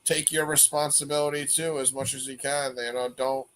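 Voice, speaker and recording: A man hosting a panel and giving calm, faith-based advice, often calling people "man". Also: mid-range voice, normal speed, a little hiss or hum, rough recording. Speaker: panel host.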